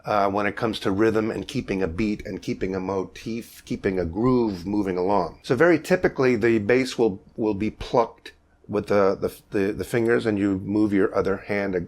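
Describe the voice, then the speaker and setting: An older man with a fairly low voice leads a vocal jazz masterclass. He explains at an easy pace, pausing on fillers, then breaks into sung bass syllables to show each technique. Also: darkish tone. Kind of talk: masterclass lesson with sung demonstrations.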